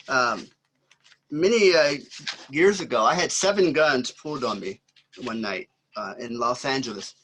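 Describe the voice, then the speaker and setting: A man's voice: medium pitch, bright, forceful tone, a little hiss or hum. A man in his sixties performing spoken-word poetry over a video call, with a rhythmic, swinging delivery and many ums between poems. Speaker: performing poet. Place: home, indoors.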